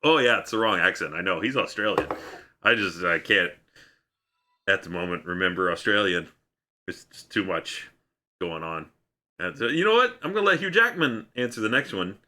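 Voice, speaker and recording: A man's voice: lowish voice, animated, moderate pace, sharp tone. A male streamer chatting casually on a live stream, full of rambling, self-mocking asides.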